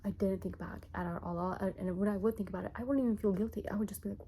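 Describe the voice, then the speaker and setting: Gravelly-voiced young woman vlogging. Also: medium pitch, fairly even intonation, rapid-fire, few pauses, mellow, slight background noise, rough recording. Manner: rambling and self-mocking, often laughing. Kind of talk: casual chat to camera.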